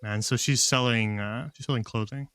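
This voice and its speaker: A man narrating a tabletop game as game master, rambling and filling pauses with "uh" and "um". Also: mid-range voice, fairly even intonation, a bit bright, clear, resonant tone, dry recording. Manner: rambling, full of fillers.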